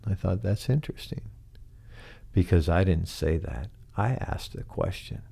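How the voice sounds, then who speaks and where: A man hosting a reflective solo podcast, speaking slowly and softly and asking many rhetorical questions. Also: deep voice, creaky, husky. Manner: slow, soft-spoken, asks many rhetorical questions. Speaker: podcast host.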